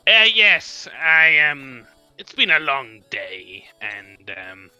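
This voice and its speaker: Man plays a polite gentleman, very bright, smooth voice, faint music. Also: a little high, sing-song, takes it slowly, heavily acted. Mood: courteous. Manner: courteous, hesitant.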